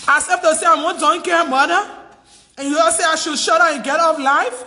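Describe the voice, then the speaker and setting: High, piercing crying Liberian woman. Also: steady tone, brisk, sharp tone, big-room sound. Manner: pleading, insistent, repetitive. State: crying, distressed. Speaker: livestreamer. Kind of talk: emotional livestream plea. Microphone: phone.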